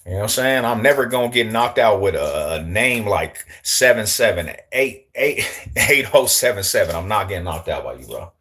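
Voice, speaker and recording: Young male streamer, deep low voice, casual and joking, lots of slang, talks straight to chat. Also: expressive, normal speed, a bit bright. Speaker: livestream host.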